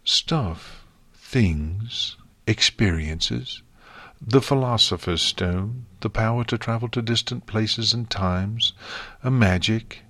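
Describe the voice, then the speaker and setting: A frightened young unicorn mare, her voice lifted well above a deep reader's tone, whimpering and sniffling through her words, as a man puts her on. She speaks slowly and shakily in a dry, close storybook reading. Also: a bit bright, no echo, full character voice. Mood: shaken. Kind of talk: audiobook fan fiction reading.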